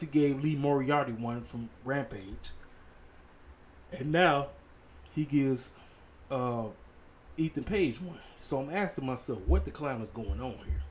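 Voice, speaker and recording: A man giving a casual, animated solo review of a wrestling show, talking straight to his viewers. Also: medium pitch, slight background noise. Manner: animated, conversational, addresses viewers as ladies and gentlemen.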